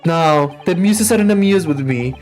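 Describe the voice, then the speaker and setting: A woman's voice: lowish voice, expressive, darkish tone, soft background music, close to an everyday voice. Woman doing a gloomy theatrical detective man. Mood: melodramatic. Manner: melancholy, theatrical and slow. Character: gloomy dramatic male detective, violinist. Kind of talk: reading game dialogue aloud.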